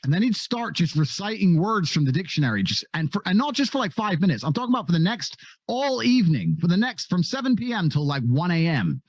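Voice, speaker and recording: A man talking reflectively as a podcast guest, halting and restarting, swearing casually now and then. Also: on the high side, big pitch swings, dry recording, dull audio.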